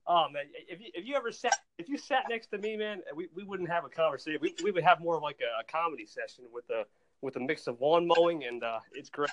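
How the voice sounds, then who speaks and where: A young man chatting casually as a guest, excitable and rambling, laughing as he tells stories. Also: on the high side, quick pace, slight background noise, poor audio. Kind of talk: casual chat. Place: outdoors at times.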